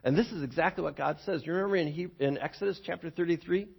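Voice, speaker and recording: Male pastor with a high voice, preaching an animated sermon with stumbling repeats, recorded lo-fi. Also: fast, vocal fry, slightly rough. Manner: animated storytelling with many repeated words. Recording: dull lo-fi recording.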